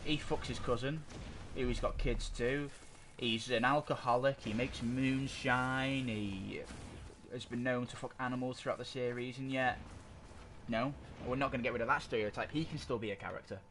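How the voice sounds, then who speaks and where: A man's voice: medium pitch, steady tone, moderate pace, a bit bright. Rambling man on a noisy podcast mic. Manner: rambling, argumentative, searches for words. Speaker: podcast co-host. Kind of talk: casual opinion chat. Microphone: desk microphone. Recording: noisy amateur podcast recording.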